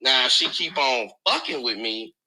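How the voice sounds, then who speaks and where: A man's voice: mid-range voice, animated, a little slow, bright, forceful tone, husky, poor audio. A man in a heated casual call, answering defensively and with profanity.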